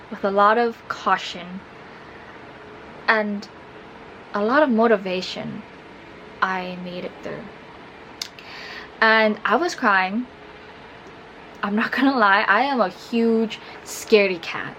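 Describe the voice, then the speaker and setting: A woman's voice: a little high, a bit bright, a little hiss or hum, low-quality recording. A woman vlogger telling a personal story in a casual, chatty way, with many fillers.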